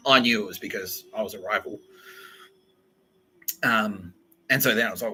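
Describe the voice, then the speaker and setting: Rambling podcast host, lowish voice with a hard, tense edge, profane and laughing. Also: male voice, normal speed, pauses often, bright, forceful tone, a little hiss or hum, low-quality recording. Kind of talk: rambling comedic monologue.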